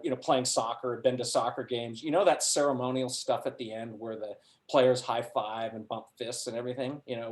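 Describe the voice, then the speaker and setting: Middle-aged man telling a story, roomy echo. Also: medium pitch. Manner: animated anecdote with frequent laughs. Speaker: workshop presenter. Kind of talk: storytelling talk to a group.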